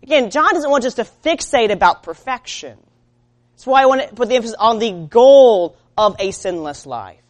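A woman preaching a sermon in an earnest way. She moves between loud urging and quiet, low-spoken lines. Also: lively intonation, moderate pace.

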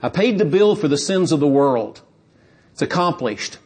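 A preacher voicing a husky dying man crying to God. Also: a little high, expressive, moderate pace, a little mellow. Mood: solemn.

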